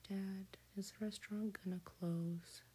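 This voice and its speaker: A woman's voice: mid-range voice, fairly even intonation, unhurried, mellow. A woman whispering the lines of a blunt young daughter in a whispered role-play. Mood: plain. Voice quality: breathy whisper.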